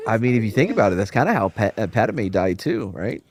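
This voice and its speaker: A man's voice: on the low side, very animated, quick pace, a little mellow, dry recording. A man on a comedy panel who jokes around, does silly accents and steers the talk back on topic. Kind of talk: casual comedic panel chat.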